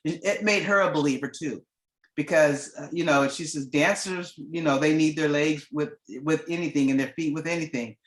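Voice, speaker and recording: A woman's voice: deep voice, normal speed. A middle-aged woman sharing a personal testimonial in a rambling way, restarting often and acting out the dialogue she quotes. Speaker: guest giving a testimonial. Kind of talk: casual storytelling. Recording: echoey room sound.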